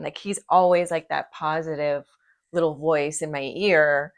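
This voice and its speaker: A middle-aged woman hosting a casual conversation about grief, expressive and empathetic, often acting out what people said. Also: deep voice, unhurried. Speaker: host.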